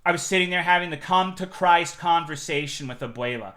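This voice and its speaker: A man's voice: fairly high pitch, fairly quick, sharp tone. A young man streaming, telling a long rambling story in casual, profane chat, with many fillers.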